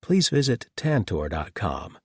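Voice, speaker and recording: A man reading an audiobook in measured, even scripted narration. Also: lowish voice, slightly rough, no room sound, studio quality.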